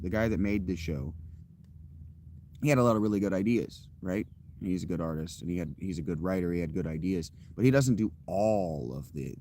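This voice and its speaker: Low-voiced man chatting candidly. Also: darkish tone, a little hiss or hum. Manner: candid, rambling and self-deprecating. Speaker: streamer. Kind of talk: casual chat to a live audience.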